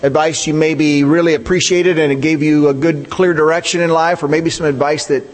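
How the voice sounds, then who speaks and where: Speaking a little high and fairly quickly, a male pastor preaches in a large hall. He keeps the tone conversational, poses rhetorical questions to his audience, and leans hard on the main points.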